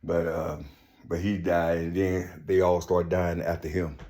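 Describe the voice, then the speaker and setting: Husky middle-aged man, profane rambling vlog monologue, loud brags sliding into low mutters. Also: little pitch movement, a little slow. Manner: profane, repetitive, swings from loud boasting to low mumbling. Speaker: vlogger. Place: outdoors among trees.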